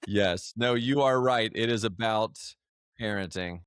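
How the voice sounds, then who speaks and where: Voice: mid-range voice, a little slow, clean tone, dry recording, studio quality. A podcast co-host trading jokes in a casual chat. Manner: joking banter.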